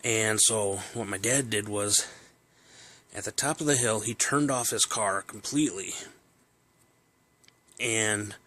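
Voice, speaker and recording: A man's voice: on the low side, takes it slowly, long pauses, a bit bright. A man casually telling a personal story, rambling with fillers and restarts.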